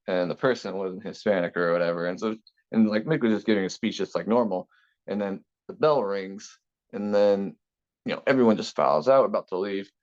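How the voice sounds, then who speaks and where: A young man telling a story from his school days in a relaxed interview, talking casually with many fillers and restarts. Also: fairly low pitch. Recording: slightly dull lo-fi sound.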